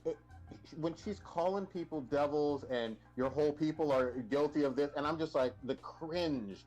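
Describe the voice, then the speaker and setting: A man's voice: on the high side, moderate pace, darkish tone, soft background music. A man co-hosting a livestream, chatting casually about anime, often restarting his sentences and swearing. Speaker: livestream co-host.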